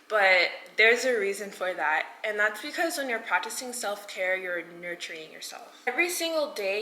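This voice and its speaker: A woman's voice: medium pitch, sharp tone. A woman in her twenties gives an earnest, chatty motivational talk to camera, full of "like" fillers. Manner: earnest and chatty, many "like" fillers, laughs between points. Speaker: vlogger. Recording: echoey room with faint noise.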